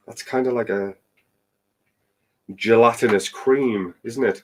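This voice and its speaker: A man hosting a casual live chat stream, chatty and quick to laugh. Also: medium pitch, noisy background. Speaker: livestream host.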